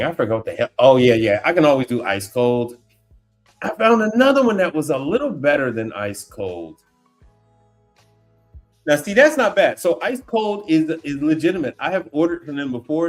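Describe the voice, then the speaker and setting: A man hosting a casual livestream, talking in an animated, slangy way, exclaiming and repeating himself as he reacts. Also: fairly high pitch. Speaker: appliance repair tech livestream host. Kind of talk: casual livestream chat while browsing online.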